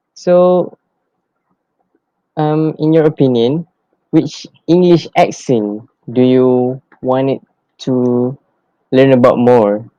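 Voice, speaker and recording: A young man from Malaysia, a student interviewer reading out questions in a plain, steady way. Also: medium pitch, no echo, dull audio. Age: young adult.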